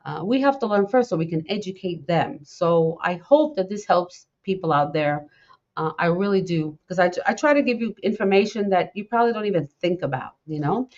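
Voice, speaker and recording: A woman's voice: on the low side, animated, a little fast, darkish tone. A middle-aged woman hosting a podcast, talking in an impassioned, rambling way and repeating herself. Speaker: podcast host. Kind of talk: casual talk. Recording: dull lo-fi sound.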